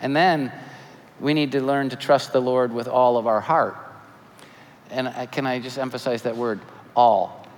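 A man in his forties preaching a sermon as pastor, animated with joking asides and earnest appeals. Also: mid-range voice, moderate pace. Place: church sanctuary. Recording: church hall reverb, faint ambience.

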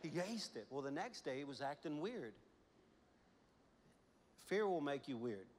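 A pastor preaching a sermon in a church, telling a lively story with frequent laughter, then leading prayer. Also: male voice, fairly high pitch, unhurried, slight background noise. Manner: animated storytelling, laughs often, swings from hushed to loud. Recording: long church reverb.

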